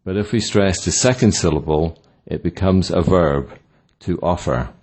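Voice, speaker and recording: A man reading a scripted language lesson in a slow, deliberate, instructional way. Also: low voice, a little mellow. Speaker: language teacher. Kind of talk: scripted narration.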